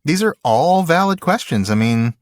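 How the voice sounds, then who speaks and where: A man co-hosting a podcast, discussing a book in an animated, emphatic way and reading passages aloud. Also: fairly high pitch, moderate pace, dry recording, clean studio sound. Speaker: podcast co-host.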